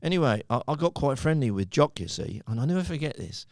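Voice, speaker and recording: A man's voice: fairly high pitch, animated, quick pace, no echo, clean studio sound. A man in his sixties from the United Kingdom, a podcast guest telling long, rambling anecdotes with frequent chuckles. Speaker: podcast guest, company founder. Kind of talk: casual storytelling.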